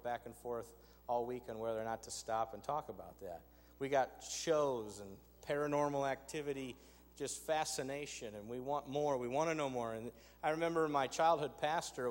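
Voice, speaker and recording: A man preaching a sermon, conversational and emphatic, with rhetorical asides to his congregation. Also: medium pitch. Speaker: pastor. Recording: long hall reverb.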